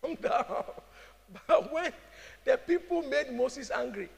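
A pastor with a very high, gravelly, expressive voice preaches slowly, drawing call-and-response from the congregation and acting out the people in his stories. Music plays under it, with long hall reverb.

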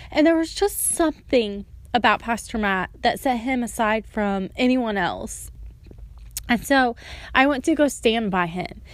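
A young woman tells her own story slowly and earnestly, her voice sitting a little high. She talks casually, stringing thoughts together with "like" and "and so". The recording is dry and close. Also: animated, dry recording. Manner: earnest and emotional, with frequent "like" and "and so". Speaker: storyteller sharing a personal testimony. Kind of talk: personal testimony, casual storytelling.

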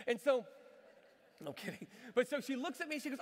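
A man, a traveling church speaker, telling a story in a sermon with animated, self-mocking energy. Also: very high voice, quick pace, in a large hall. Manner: says he can be loud.

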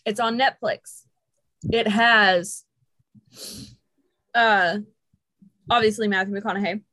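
A woman co-hosting a podcast in casual chat, talkative and quick to laugh. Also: mid-range voice, steady tone, bright, forceful tone, no echo. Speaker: podcast co-host.

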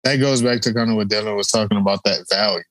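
Low-voiced man, laid-back chat. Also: fairly even intonation, quick pace, fairly bright tone, dry recording, low-quality recording. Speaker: podcast co-host. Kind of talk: casual chat.

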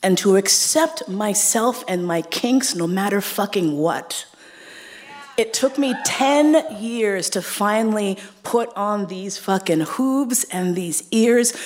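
A woman's voice: mid-range voice, darkish tone. A woman from New York City telling a true story on stage, frank and playful, swearing freely and laughing as she goes.

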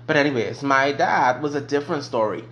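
A young man casually telling a personal story on his vlog, profane and animated. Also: medium pitch, brisk. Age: young adult. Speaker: vlogger.

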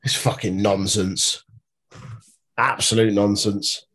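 Lower-voiced male co-host, sardonic and fed up, casual chat. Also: steady tone, slow, fairly bright tone, breathy edge. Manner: exasperated, sarcastic, swears. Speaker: podcast co-host.

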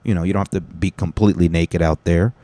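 A man's voice: sits low, fairly even intonation, fast talker, dark tone, no echo. A man hosting a podcast in casual, rambling, profane chat full of jokes. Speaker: podcast host.

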